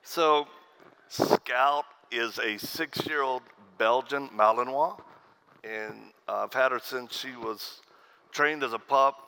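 Bright-voiced man telling folksy stage stories. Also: medium pitch, slow pace, vocal fry, clean tone. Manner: folksy storyteller, acts out quoted voices, laughs at own stories. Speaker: pastor. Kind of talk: humorous speech to a conference crowd. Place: conference stage.

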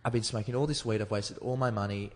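A man's voice: fairly low pitch, steady tone, fast, a little mellow, long reverb tail, slight background noise. An Australian man, a comedian, telling a personal story in a candid, rambling way and swearing freely. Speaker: comedian guest. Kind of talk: candid storytelling in casual chat.

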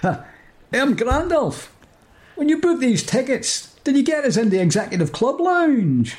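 A man's voice: very high-pitched, very animated, a little slow, a little mellow. A man co-hosting a comic story podcast, joking and chuckling in casual chat. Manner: jokey, chuckling, rambling. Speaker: co-host and character reader.

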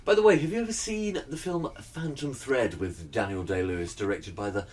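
A man's voice: medium pitch, normal speed. A man acting in a comedy sketch who talks politely, with a sly, faintly sinister undertone. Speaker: comic sketch visitor.

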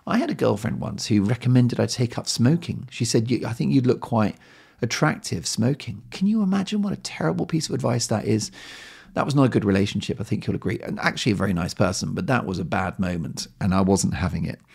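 A man's voice: on the low side, animated, fast, creaky, darkish tone, slightly rough. A man hosting a solo podcast, talking in a conversational way with many fillers and repeated words. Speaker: podcast host.

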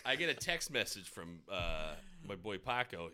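A man's voice: low-pitched, sing-song, normal speed, bright, forceful tone. A man with a New England accent, a restaurant owner telling rowdy stories on a podcast, swearing freely and acting out the quotes. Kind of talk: casual podcast storytelling.

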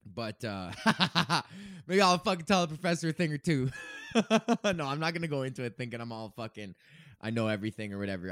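A man's voice: medium pitch, no room sound. Podcast host, man around thirty, loose profane rambling, dry room sound. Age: 30s. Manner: profane, meandering, laughs often. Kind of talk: rambling casual monologue.

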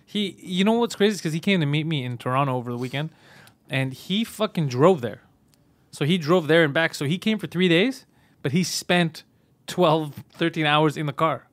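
Teasing podcast host with a dry sound. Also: male voice, on the high side, normal speed, no room sound. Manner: crude, teasing, laughing banter. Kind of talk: casual comedy podcast banter.

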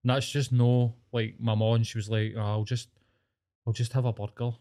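A man's voice: mid-range voice, normal speed, smooth. Sweary Glaswegian man telling stories. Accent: Glaswegian Scottish. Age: 40s. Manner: sweary, animated storyteller who acts out relatives' lines. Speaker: podcast co-host. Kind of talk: casual comedy chat.

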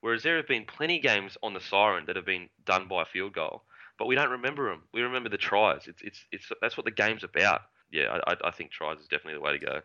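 A man's voice: deep voice, lively intonation, fast talker, pushed and bright, muffled recording. A man, a former rugby league winger, rambling in casual chat and swearing now and then. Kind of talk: casual sports podcast chat.

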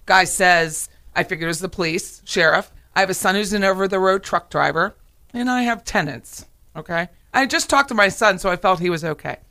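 A woman hosting a casual chat, telling stories in a lively way and acting out phone calls. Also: on the low side, brisk. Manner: animated storyteller, acts out calls. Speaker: host, realtor.

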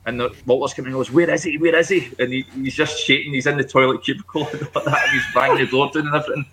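A man's voice: medium pitch, flat delivery, rapid-fire, bright, forceful tone, a little hiss or hum. A Scottish man on a podcast panel, telling a story with a hesitant manner and many ums. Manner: hesitant, lots of ums and uhs. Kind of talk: casual chat.

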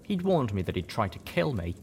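A man giving a first-person audiobook narration with steady storytelling. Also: on the low side, a little fast, a little hiss or hum.

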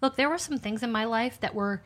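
A woman's voice: on the high side, brisk. A woman pastor hosting a conversation, affirming her guest with frequent "mm-hmm"s and adding teaching points. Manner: affirming listener, many "mm-hmm"s, teaching asides. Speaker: pastor and host. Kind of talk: casual ministry conversation.

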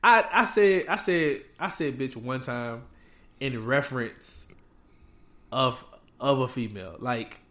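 A man's voice: mid-range voice, slow pace, a bit bright. A man in casual chat as a podcast co-host, emphatic and repeating his points for stress.

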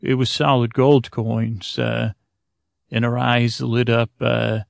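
A man's voice: medium pitch, little pitch movement, takes it slowly, creaky, dry recording. A man improvising a bedtime story, rambling with many fillers and self-corrections.

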